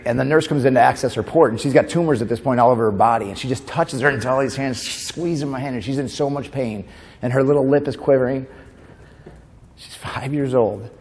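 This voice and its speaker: A man giving a conference keynote as a comedian and motivational speaker. He moves between tender storytelling and animated comic bits. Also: medium pitch. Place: conference hall. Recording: long hall reverb.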